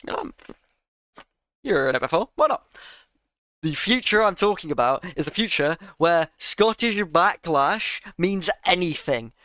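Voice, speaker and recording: A man's voice: on the high side, animated, normal speed, pushed and bright, smooth, no room sound. A man giving a sarcastic, exasperated reaction rant to another creator's video.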